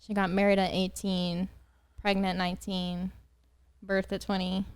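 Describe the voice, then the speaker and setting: A woman's voice: medium pitch, completely flat delivery, moderate pace, smooth, dry recording. Giggly nineteen-year-old woman. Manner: giggly, agreeable, chatty. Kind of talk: casual chat.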